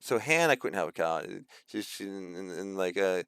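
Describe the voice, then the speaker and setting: Male, 30s, rambling casual rant, lots of fillers; low, smooth, dry close sound. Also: animated, normal speed, a bit bright, no echo. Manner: rambling, with many fillers and restarts; acts out quoted voices mockingly. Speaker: video host. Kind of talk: casual ranting monologue.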